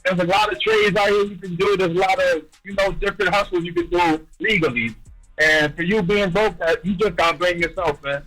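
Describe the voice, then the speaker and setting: Radio caller: high-voiced man from New Jersey, hyped, blunt, faint music underneath. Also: fairly quick, fairly bright tone, poor audio. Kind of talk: radio call-in.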